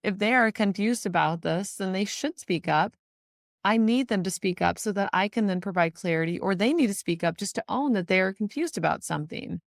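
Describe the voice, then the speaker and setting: A woman's voice: medium pitch, animated, brisk, gravelly, few pauses, no echo, clean studio sound. A woman hosting a solo podcast, teaching in a casual, think-aloud way with the odd swear word. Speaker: podcast host.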